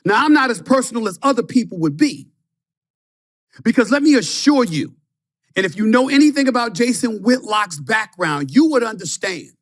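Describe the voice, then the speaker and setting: A male sports commentator with a husky edge, hammering each point home in a fiery, declamatory on-air rant. His pitch swoops widely as he presses his case. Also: sing-song, normal speed, fairly bright tone.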